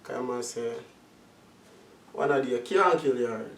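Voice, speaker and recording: A man's voice: medium pitch, moderate pace. Man, sound system selector, patois-tinged, laughing storyteller, roomy echo, distant from mic. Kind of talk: casual interview chat.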